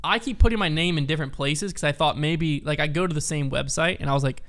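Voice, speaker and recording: A man hosting a podcast, running a segment in relaxed, chatty talk. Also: on the high side, fast talker. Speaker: podcast host. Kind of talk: casual chat.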